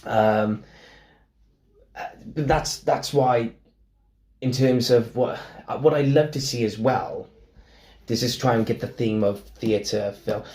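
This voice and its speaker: A man's voice: lowish voice, darkish tone. A young man from Merthyr with a Welsh accent, co-hosting a podcast in casual, rambling chat with blunt opinions and frequent restarts. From Wales. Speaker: podcast co-host. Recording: roomy echo.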